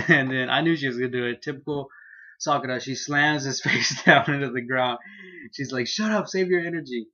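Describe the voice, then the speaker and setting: A man giving a casual manga chapter review, excitable and profane, laughing as he loosely retells scenes. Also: medium pitch, normal speed, lo-fi sound.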